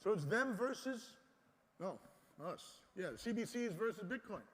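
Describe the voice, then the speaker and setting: A man giving an impassioned conference speech, exhorting the crowd and swinging between loud and soft. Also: high-pitched, lively intonation, unhurried. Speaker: conference speaker. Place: large conference hall. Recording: long hall reverb.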